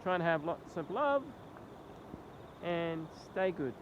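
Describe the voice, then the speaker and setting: A man's voice: a little high, sing-song. A man with an Australian accent and a nasal, congested voice, rambling through a casual phone vlog outdoors beside a flooded road. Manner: rambling, halting commentary. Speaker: vlogger. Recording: tinny, lo-fi phone audio with faint noise.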